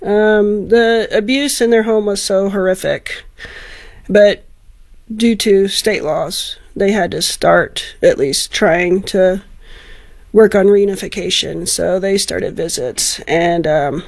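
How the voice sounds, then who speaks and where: A woman's voice: mid-range voice, gravelly. Earnest middle-aged woman telling a story. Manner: earnest, heartfelt, halting restarts. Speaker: teacher and foster parent, author guest. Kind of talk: personal storytelling in an interview.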